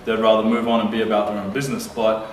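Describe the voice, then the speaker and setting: A man's voice: fairly low pitch, level tone, quick pace. A man vlogging to camera, retelling a confrontation bluntly and with plenty of swearing. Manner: blunt, profane, heated retelling. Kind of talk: casual storytelling to camera. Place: lives abroad. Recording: roomy, distant mic with faint noise.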